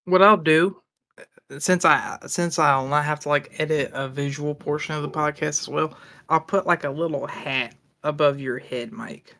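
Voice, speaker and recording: Bright-voiced young man hosting a podcast. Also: a little high, moderate pace, vocal fry. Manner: relaxed, leads segments, swears casually. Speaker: podcast host. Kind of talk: casual podcast chat.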